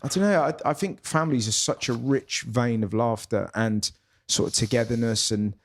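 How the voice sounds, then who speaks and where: A man's voice: mid-range voice, normal speed. A man, a guest comedian talking in a reflective, musing way that often trails off and restarts. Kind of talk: casual conversation.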